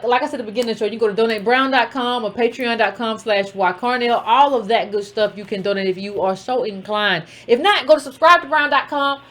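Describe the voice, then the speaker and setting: A woman host gives blunt political commentary in a loose, conversational way. Her voice sits a little higher than most. She talks to her viewers directly and familiarly. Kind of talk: casual direct-to-camera political talk.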